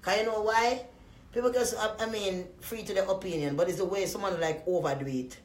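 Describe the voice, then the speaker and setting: A woman from Jamaica with a Jamaican accent, talking loudly and profanely to her live-stream viewers in a casual, rambling way, often breaking into laughter. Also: mid-range voice, brisk, reverberant. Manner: profane, loud and animated with frequent laughs.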